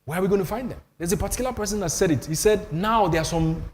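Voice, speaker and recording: A man's voice: high-pitched, fast talker, darkish tone, in a large hall, slight background noise. An older Nigerian man hosting a panel on faith, telling stories with emphasis and self-deprecating humor. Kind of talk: animated panel talk on church.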